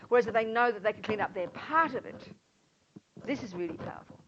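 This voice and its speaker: A woman's voice: on the high side, expressive, quick pace. A Buddhist nun teaching a class in an informal, emphatic way, often acting out little scenes as she explains. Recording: dull lo-fi sound, faint noise.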